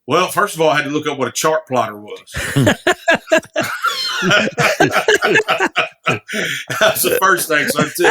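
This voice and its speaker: His voice is a little high, animated and sharp, rushing along with few pauses. A singer-songwriter guest on a podcast, he tells casual, rambling stories, restarting frequently and laughing easily.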